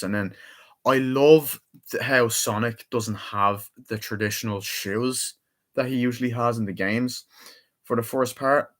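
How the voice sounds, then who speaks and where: A man's voice: medium pitch, fairly even intonation, measured pace, a bit bright. A young man chatting casually through a movie review, rambling and swearing freely as he retells favorite scenes.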